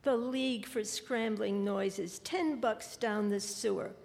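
A woman's voice: mid-range voice, slow, vocal fry, a little mellow. A woman reading the lines of a scornful, scolding father in a literary story. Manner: mocking, scolding. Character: scornful middle-aged father, grumbling at money. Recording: long hall reverb.

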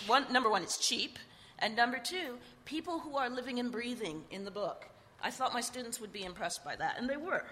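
Frank poetry teacher in a reverberant hall. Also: female voice, medium pitch, bright, forceful tone. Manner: frank, wry and conversational. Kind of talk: talk introducing a poetry reading. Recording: long reverb and faint noise.

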